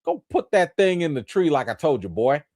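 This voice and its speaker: A man voicing a gruff man who bluntly orders a frightened boy around. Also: on the high side, big pitch swings, moderate pace, darkish tone, no room sound, clean studio sound. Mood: commanding. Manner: commanding, blunt.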